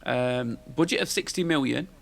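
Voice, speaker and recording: A man's voice: mid-range voice, normal speed, gravelly, a little hiss or hum. A man, hosting a podcast in casual, rambling chat and tossing questions to his co-host. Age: 40s.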